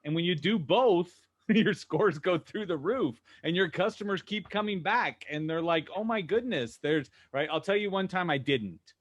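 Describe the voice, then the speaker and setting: Man, somewhat high voice, lively storyteller, acts out quotes, video call panel. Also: normal speed, hardly any pauses. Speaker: panelist, dealership manager. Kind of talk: casual panel discussion.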